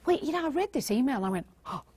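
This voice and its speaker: An Australian woman delivers a training lecture in a lively, animated way. Her pitch sits fairly high and swings widely as she talks, and she readily acts out the voices she quotes. The sound is dry and close. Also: racing, dry recording. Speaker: leadership trainer.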